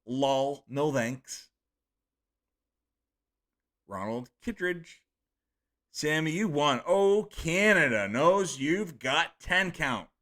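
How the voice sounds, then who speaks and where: A man's voice: on the high side, lively intonation, extremely slow, pauses often, fairly bright tone. A man on a live stream reading out viewer comments and chatting about them in a casual, offhand way. He swears freely and stumbles over unfamiliar names.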